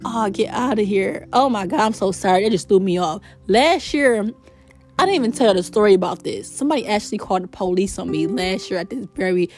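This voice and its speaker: A woman hosting a podcast, telling her spiritual testimony in an emotional, expressive way. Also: medium pitch, a little fast, soft background music. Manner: emotional, expressive, faith-filled storytelling. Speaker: podcast host.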